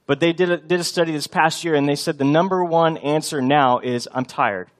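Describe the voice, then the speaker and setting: A man preaches in a relaxed, chatty way, as if talking with the congregation. His voice sits a little high, and he drops to a quiet hush or rises loud when he voices what people say. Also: fairly quick. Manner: conversational preaching, acts out quotes with shifts of loudness; many fillers and restarts. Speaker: pastor. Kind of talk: sermon.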